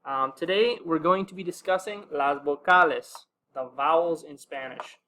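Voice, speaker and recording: Young male teacher with a somewhat high voice, easygoing and full of fillers, who slows down to spell out each example. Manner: relaxed, with many fillers, slows to sound out example words. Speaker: language teacher. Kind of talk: casual video lesson.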